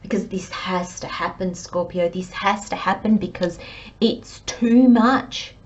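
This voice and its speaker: A woman's voice: fairly low pitch, unhurried, lo-fi sound. A woman giving a channelled tarot reading, talking earnestly and emphatically straight to the listener. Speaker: tarot reader.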